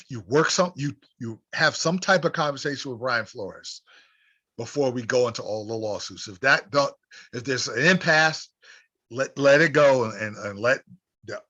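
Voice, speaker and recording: A man's voice: medium pitch, bright, forceful tone, slightly rough, muffled recording. A man hosting a sports radio show, delivering an emphatic opinion monologue with repeated rallying phrases.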